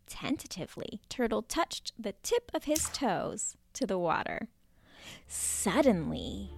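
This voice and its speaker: A woman narrating a children's story in a playful, expressive way, at times dropping to a whisper. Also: mid-range voice.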